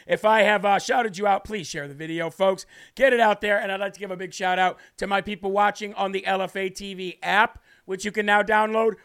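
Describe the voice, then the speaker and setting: A male live-stream host talks in an animated, repetitive way, calling out viewers by name. His voice sits high and sounds bright, with a smooth, crisp clarity. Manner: animated and repetitive, reading viewer names aloud. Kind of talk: casual live-stream commentary; reading a devotional aloud.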